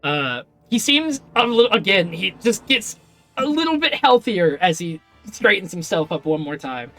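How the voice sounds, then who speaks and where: A woman's voice: sits low, fairly bright tone. A woman narrating as game master of a tabletop game, rambling with lots of fillers. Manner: rambling, many fillers and laughs.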